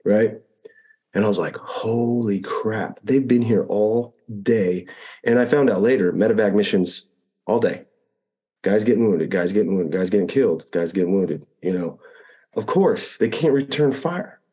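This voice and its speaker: Low, mellow-voiced man recounting a mission. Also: normal speed. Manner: animated retelling, acts out radio calls, frequent restarts. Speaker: Apache pilot telling a war story. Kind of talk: conversational storytelling interview.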